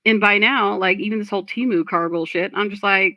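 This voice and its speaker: A woman's voice: medium pitch, brisk, bright, forceful tone, no echo. A woman streamer commenting on a clip, blunt and profane, lecturing her chat.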